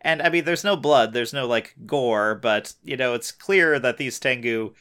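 A young man telling a story in a relaxed way, dropping frequent uhs and wry teasing asides. His pitch sits in an ordinary middle range for a man. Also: measured pace, clean tone. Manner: lots of uh fillers, wry teasing. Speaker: podcast co-host. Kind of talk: casual recap chat.

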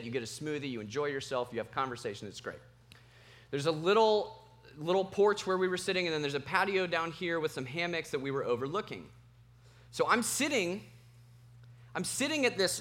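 A man preaching a sermon as pastor, telling a personal story in an animated, self-mocking way. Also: a little high.

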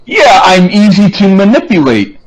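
A man co-hosting a casual podcast, halting and stammering as he jokes along. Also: high-pitched, big pitch swings, rough recording. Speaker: podcast co-host.

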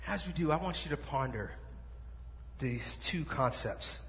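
A man preaching a sermon as a pastor, animated and dropping to soft, slow intensity, in a church sanctuary with echo and faint room noise. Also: fairly high pitch.

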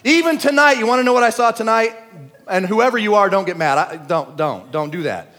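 A man preaching a sermon at a church service, talking in casual slang and swinging between shouting and quiet asides. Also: high-pitched, fairly quick. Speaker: pastor. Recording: long church hall reverb.

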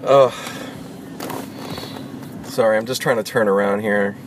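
A man's voice: lowish voice, steady tone, measured pace. A man vlogging from his car in traffic, rambling, irritated and swearing a lot as he talks to viewers. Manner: rambling, profane, with lots of restarts. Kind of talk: casual rambling monologue to viewers. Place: inside a car, driving in traffic. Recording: road and traffic noise.

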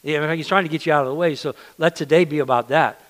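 A man's voice: on the high side, steady tone, very fast, low-quality recording. A man preaching a sermon in a conversational, earnest manner, often repeating words for emphasis.

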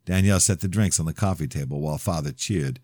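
A man reading his own novel aloud in measured first-person narration. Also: a bass voice, dark tone, no room sound, studio quality. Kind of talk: audiobook narration.

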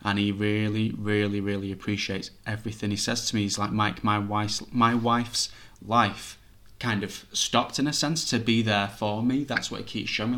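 A man's voice: lowish voice, a bit bright. A man working as a psychic medium, talking chattily and reassuringly as he relays messages to a sitter. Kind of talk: reading for a sitter.

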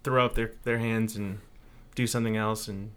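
A man's voice: lowish voice, little pitch movement, moderate pace. Young man, band guest, loose casual interview talk, jokey. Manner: playful, slips into joke accents. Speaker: band member, new guitarist.

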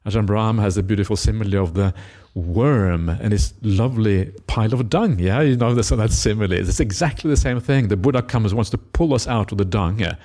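A monk giving a Buddhist dharma talk, retelling a scripture story with many "uh" fillers and acted-out quotes. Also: male voice, fairly low pitch, fairly quick, few pauses, mellow.

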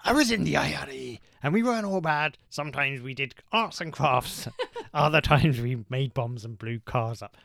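A man putting on a gruff, loud impression of a politician in a comic podcast bit. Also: medium pitch, expressive, moderate pace, no echo, clean studio sound. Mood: mock solemn.

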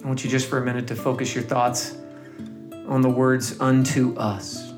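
A man leading a reflective scripture meditation in a soft, gentle voice that lingers on single words. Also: mid-range voice, completely flat delivery, fairly quick. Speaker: devotional leader. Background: guitar music.

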